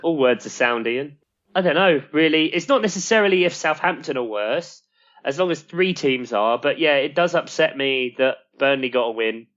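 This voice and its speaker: A man's voice: a little high, animated, moderate pace, a bit bright, highs cut off. A man co-hosting a casual podcast chat, joking and laughing at himself. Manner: laughing, self-mocking banter. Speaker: podcast co-host.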